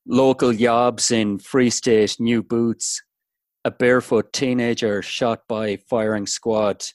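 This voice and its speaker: A man with an Irish accent reads a poem aloud in a measured way. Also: mid-range voice, level tone, no echo.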